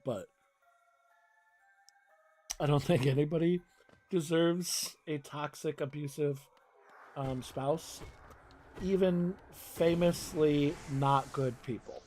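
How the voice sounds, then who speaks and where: A man's voice: a little high, slow, long pauses, mellow, soft background music. A young man streaming a game, chatting casually in a rambling, profane way and laughing often. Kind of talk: casual chat while gaming.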